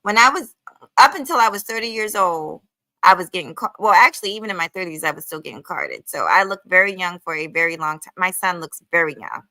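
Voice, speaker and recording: A woman's voice: fairly low pitch, brisk, sharp tone, no room sound, poor audio. Chatty woman in her forties hosting a livestream. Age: 40s. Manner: chatty, calls viewers honey. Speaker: livestream commentary host. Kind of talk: casual live commentary.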